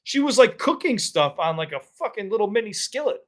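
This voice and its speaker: A man's voice: sits high, very animated, brisk. A man in casual chat as a co-host, talking candidly, swearing freely and telling stories with animation. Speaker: content creator and co-host.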